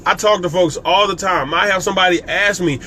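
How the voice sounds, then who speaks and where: A man with a notably high voice delivers a casual, emphatic business coaching talk to his live viewers. He repeats his points and speaks directly to the audience. There is a faint hum of noise behind him. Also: a little fast, sharp tone. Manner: casual and conversational, with frequent restarts. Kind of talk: live-streamed motivational talk.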